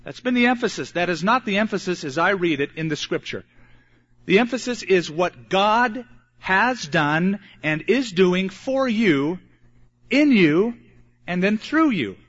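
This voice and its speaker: A man preaching a sermon as pastor, emphatic and repetitive, with dramatic pauses. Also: fairly high pitch, a bit bright, breathy edge. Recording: dull lo-fi sermon recording.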